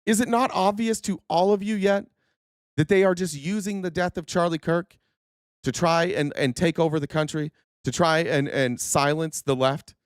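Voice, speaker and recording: A man's voice: on the high side, normal speed, smooth, no room sound, studio quality. A man hosting a political commentary livestream, earnest and indignant, stumbling over restarts and losing his voice. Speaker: host.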